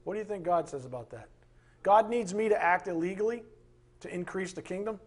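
Guy preaching, gets fired up, kinda husky and highish voice. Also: brisk. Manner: emphatic, impassioned, acts out quoted voices. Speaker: pastor. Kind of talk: sermon.

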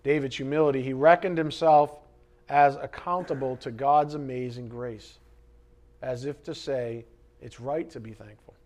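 At a moderate pace and medium pitch, a man delivers a sermon animatedly, trading jokes with the congregation and swinging from forceful emphasis to hushed side remarks.

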